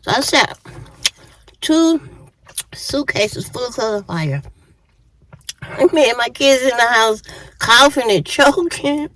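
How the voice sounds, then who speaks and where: A woman's voice: on the high side, animated, slow, long pauses, fairly bright tone, poor audio. A woman in her fifties casually telling a storytime on her vlog, chatty and often laughing while eating. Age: 50s. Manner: eating while talking to viewers. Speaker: YouTuber.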